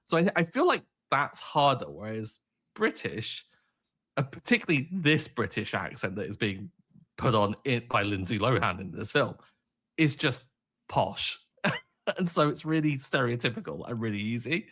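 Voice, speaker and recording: A man co-hosting a podcast, chatting casually about a film with animated, exaggerated outrage and rambling asides. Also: medium pitch, moderate pace. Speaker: podcast co-host.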